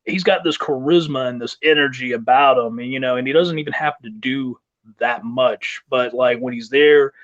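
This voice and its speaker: A man's voice: medium pitch, moderate pace, a bit bright, muffled recording. A man, a wrestler and guest, telling long rambling stories from his career with fillers and laughs. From South Carolina, US. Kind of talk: interview storytelling.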